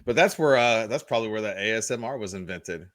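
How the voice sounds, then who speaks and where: A man's voice: lowish voice, animated, fast, no echo, studio quality. A man hosting a podcast, chatting casually with blunt, profane banter. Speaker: podcast host. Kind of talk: casual chat.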